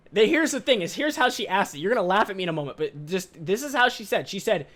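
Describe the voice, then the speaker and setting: A young man hosting a podcast, telling a story in a casual monologue, animated, self-mocking and swearing freely. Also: sits high, a little fast. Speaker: podcast host.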